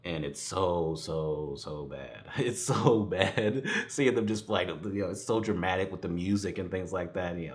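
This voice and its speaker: A man with a fairly low voice talks through a movie review in a loose, rambling way. He laughs between thoughts and swears freely, keeping it casual and unscripted. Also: expressive, moderate pace. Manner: rambling, chuckling, profane. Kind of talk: casual spoken film review.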